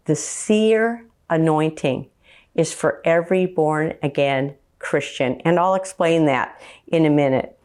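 A woman preaching a slow, earnest teaching sermon and quoting scripture. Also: deep voice, darkish tone.

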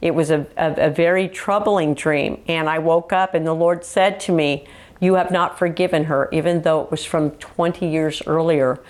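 A woman's voice: sits low, steady tone, moderate pace. A woman minister from the United States giving an earnest teaching sermon on dreams, mixing scripture with personal testimony. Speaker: Christian TV minister.

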